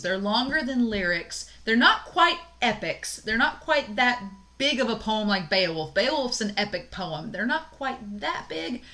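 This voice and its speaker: A woman's voice: mid-range voice, bright, forceful tone. A woman instructor giving a recorded college lecture on poetry terms, explaining casually with fillers and small laughs.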